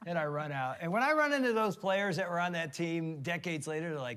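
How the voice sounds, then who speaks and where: A middle-aged man preaching from a church stage, spinning a playful story with lots of energy. His voice sits a little high for a man. He talks the way someone does when he is entertaining a room. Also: lively intonation, a little fast, few pauses, fairly bright tone, smooth. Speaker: pastor. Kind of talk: sermon storytelling.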